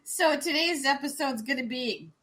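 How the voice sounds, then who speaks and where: A woman's voice: sits high, normal speed, fairly bright tone. A woman hosting a casual podcast, telling a funny story and laughing often. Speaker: podcast host.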